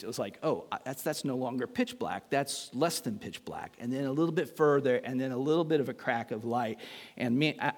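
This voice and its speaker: A man's voice: a little high, creaky. A middle-aged man preaching a sermon as pastor, telling a story with humor and acting out voices. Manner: animated, acts out voices in his story, self-mocking humor. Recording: long hall reverb.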